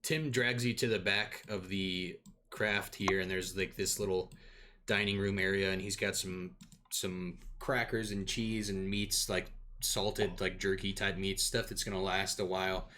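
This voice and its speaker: Low-voiced guy dm-ing a tabletop game, lots of uh and restarts. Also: little pitch movement, a little slow, sharp tone, slight background noise. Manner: loose, filler-heavy, stop-start narration. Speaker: game master.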